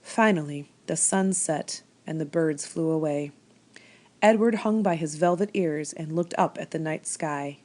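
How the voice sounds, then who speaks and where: A woman reads a children's chapter book aloud with calm, steady storytelling. Her voice sits somewhat low for a woman and moves at an even pace. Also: measured pace. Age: adult. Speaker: reader.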